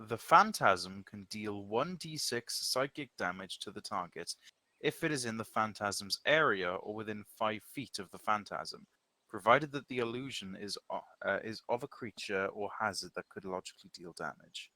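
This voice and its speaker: A man's voice: lowish voice, lively intonation, moderate pace, pushed and bright. A man playing in a tabletop game, thinking aloud as he reads spell rules and weighs his options. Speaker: player. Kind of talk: casual tabletop game chat.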